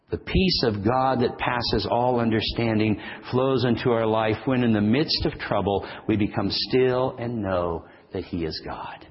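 A man preaching a sermon as pastor, moving between loud, rising calls and quiet, slow passages. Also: big-room sound, lo-fi sound. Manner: dynamic preacher, swings from booming to hushed.

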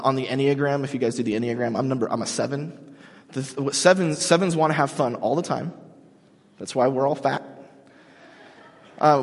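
A man preaching a sermon in a casual, joking, storytelling way, as the pastor of the congregation. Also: medium pitch. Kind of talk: conversational sermon. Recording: long hall reverb.

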